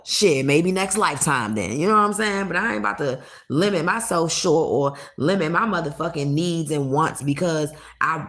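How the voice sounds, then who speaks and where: Low, gravelly, blunt-talking woman. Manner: blunt, profane, animated storytelling. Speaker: livestreamer. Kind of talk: casual livestream chat.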